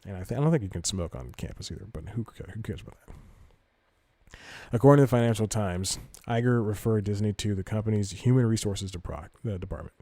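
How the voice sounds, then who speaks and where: A man's voice: lowish voice, fast, warm tone, dry recording. A man hosting a comedy podcast, rambling through news stories in a casual way, correcting himself often and reading articles aloud. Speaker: podcast host.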